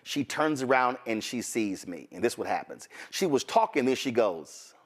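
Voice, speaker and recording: A man's voice: mid-range voice, very animated, moderate pace. A male talk show host doing a commentary monologue, telling a story with asides to his audience.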